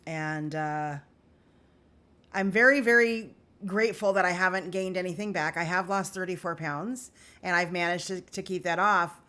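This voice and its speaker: A woman's voice: on the low side, steady tone, normal speed, bright, forceful tone. A woman vlogging candidly to her viewers in an earnest, confessional way on an emotional day. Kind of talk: candid personal vlog.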